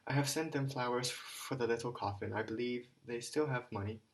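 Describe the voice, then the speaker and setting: A man's voice: mid-range voice, fairly quick, close to an everyday voice. A man reading aloud voices a proud, impassioned young woman in an audiobook, speaking in intense declarations. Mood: curt.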